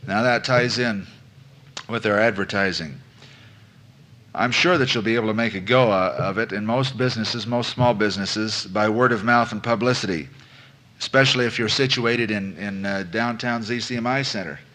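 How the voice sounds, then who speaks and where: A man's voice: on the low side, moderate pace, bright, forceful tone. A man giving a business seminar lecture to a live audience, folksy and conversational, asking questions and repeating phrases for emphasis. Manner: folksy, addresses listeners as folks.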